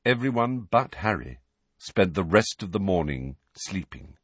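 A male audiobook narrator with a lowish, husky voice and animated, expressive delivery. The recording is dry and close-miked, with no room sound. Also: a little slow, dry recording. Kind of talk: scripted narration.

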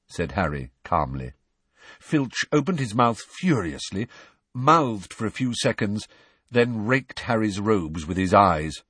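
A man narrating a children's story in an expressive, scripted reading. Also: lowish voice, measured pace, slightly rough, no echo. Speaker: audiobook narrator.

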